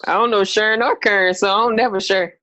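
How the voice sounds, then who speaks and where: A woman's voice: mid-range voice, steady tone, fast, sharp tone. A woman co-hosting a casual podcast chat, speaking in a blunt, laid-back banter. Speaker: podcast co-host.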